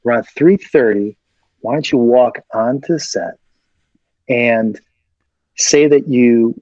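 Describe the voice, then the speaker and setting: A guest actor tells an animated anecdote, voicing the people in it and laughing often. His medium-pitched voice moves slowly. There is no echo, but the audio sounds dull.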